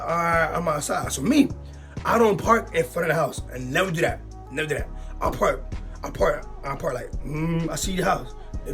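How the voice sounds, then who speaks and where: A young man, telling a long storytime with slangy, repetitive, excitable talk. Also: on the high side. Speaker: storytime YouTuber. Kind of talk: animated storytime monologue.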